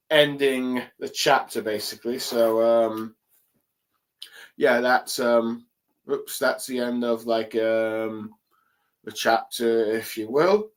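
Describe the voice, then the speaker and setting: A man talks through a comic chapter at a middling pitch, often stopping to gather his thoughts mid-sentence. He sounds like someone streaming from a desk mic. His tone stays casual and unpolished. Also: fairly even intonation. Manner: hesitant, many fillers and pauses. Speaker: manga chapter reviewer. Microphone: desk mic at a streaming setup.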